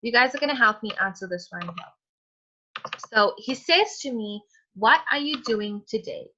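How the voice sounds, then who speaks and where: A woman's voice: fairly high pitch, lively intonation, a little slow, sharp tone, muffled recording. A woman teacher giving an online class lesson, calling on students by name and encouraging them. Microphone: video call.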